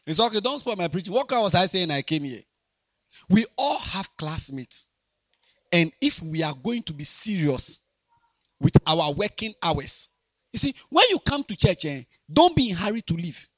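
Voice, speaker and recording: A man preaching a sermon to young people, animated and repetitive, swinging between quiet talk and shouting. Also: sits high, moderate pace, no echo, studio quality. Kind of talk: sermon to a youth congregation.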